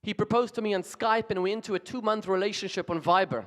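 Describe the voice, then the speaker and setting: A man's voice: sits high, fast, fairly bright tone. A man telling a joke voices a young woman chattily asking her father for his blessing, in a large reverberant hall. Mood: excited.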